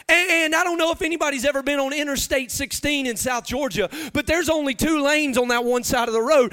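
Preaching with impassioned, confessional energy, a man in his thirties delivers his sermon in an extremely high voice, hitting his emphasis with loud, half-sung bursts.

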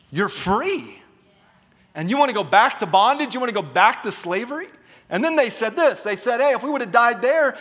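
Bright-voiced preacher man in a hall. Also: high voice. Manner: emphatic, calls for audience response. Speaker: pastor. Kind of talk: sermon. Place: church auditorium. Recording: long reverb of a large hall.

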